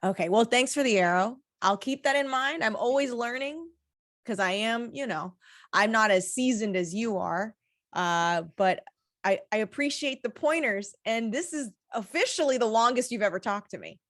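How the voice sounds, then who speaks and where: A woman's voice: a little high, expressive, normal speed, a bit bright. A woman playing a tabletop game, speaking in character in an earnest, playful way. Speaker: player. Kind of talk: in-character play.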